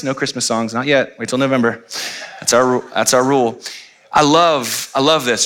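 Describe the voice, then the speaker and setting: A man preaching a sermon as pastor, animated, with playful asides and rising to near-shouts. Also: mid-range voice, fast.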